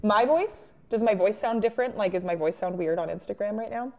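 A woman's voice: medium pitch, fairly quick, darkish tone. A woman artist chatting casually and poking fun at herself while she draws on a live stream. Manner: chatty, self-mocking, with frequent laughs and sighs.

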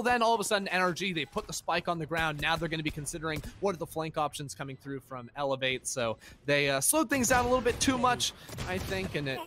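A man from North America giving quick, analytical esports commentary on a headset, laughing easily between calls. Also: a little high, pushed and bright, slight background noise. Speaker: esports caster. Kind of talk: play-by-play commentary.

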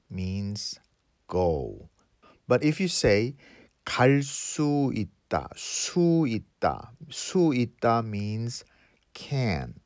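A man teaching phrases in English, explaining patiently and repeating each phrase slowly. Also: lowish voice, no echo, clean studio sound. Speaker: Korean language teacher. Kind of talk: slow explanatory lesson.

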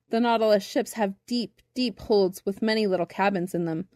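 A woman reading a children's storybook aloud in a gentle, measured narration. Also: mid-range voice, dry recording, clean studio sound.

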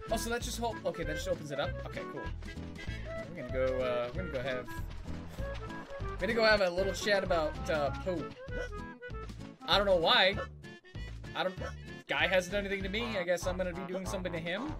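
A man's voice: sits high, fairly quick, long pauses. Rambling man streaming a game over music. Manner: rambling, chuckling, talks to game characters. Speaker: streamer playing a video game. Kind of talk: casual let's-play commentary.

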